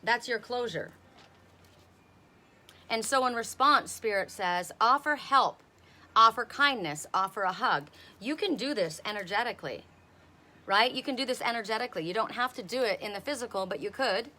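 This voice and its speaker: A woman's voice: a little high, animated, moderate pace, bright, forceful tone. A woman reading oracle cards on a casual live stream outdoors, talking bluntly and swearing freely. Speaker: oracle card reader.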